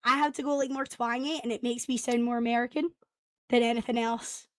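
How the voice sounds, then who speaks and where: A woman's voice: fairly high pitch, steady tone, brisk. A woman on a call, chatting and giggling while her voice is worn out after a concert. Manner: giggly, self-mocking. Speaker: guest on a call. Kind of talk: casual chat.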